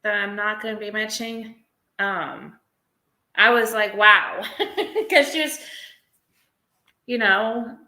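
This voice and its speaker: Slow, bright-voiced woman livestreaming in an echoey room. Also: fairly high pitch. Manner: rambling and emotional, with frequent laughs. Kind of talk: casual live-stream chat. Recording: roomy echo.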